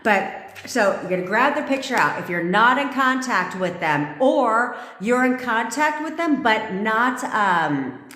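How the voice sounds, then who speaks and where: A woman's voice: medium pitch, fairly bright tone. Brash, profane woman coach in an echoey room. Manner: reads live comments aloud. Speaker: manifestation coach. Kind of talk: TikTok live stream. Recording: echoey room with long reverb.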